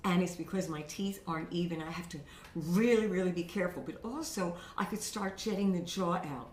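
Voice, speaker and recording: A woman's voice: on the low side, brisk, recorded from a distance, a little hiss or hum. A woman vocal coach giving casual, encouraging voice tips to camera, often checking in with "okay?". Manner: chatty and encouraging, frequent "okay?" check-ins. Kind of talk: instructional talk to camera. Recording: roomy echo.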